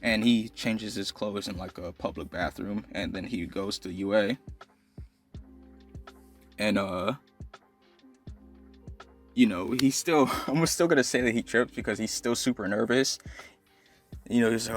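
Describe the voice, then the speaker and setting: A man's voice: lowish voice, a little slow, long pauses, faint music behind. A young man casually narrating an improvised fan story, rambling with many fillers.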